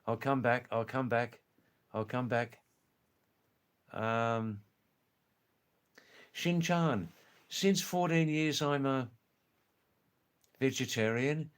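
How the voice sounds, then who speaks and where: A man hosting a live stream, answering viewer comments slowly and thoughtfully, with many pauses and fillers. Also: mid-range voice, clear, resonant tone.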